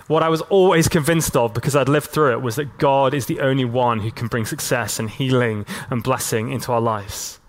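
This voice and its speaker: Chatty preaching man, casual fillers. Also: mid-range voice. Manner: conversational, many casual "like" fillers; slows right down to stress key lines. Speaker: pastor. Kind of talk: sermon to a church and online audience.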